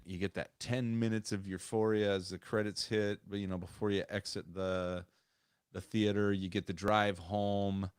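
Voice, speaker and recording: A man's voice: deep voice, dry recording, studio quality. A man co-hosting a casual podcast over a remote call, talking in a rambling way with many restarts. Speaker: podcast co-host.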